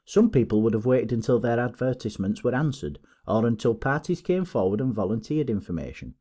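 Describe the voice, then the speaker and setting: A man voicing a pompous, boastful male police detective in an audiobook, talking in excited, self-satisfied bluster. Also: medium pitch, a little fast, husky.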